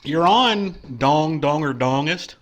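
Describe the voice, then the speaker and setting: A man's voice: on the high side, lively intonation, takes it slowly. A man hosting a live call-in stream, brash and profane, taking callers with mock-patriotic banter. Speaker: call-in show host.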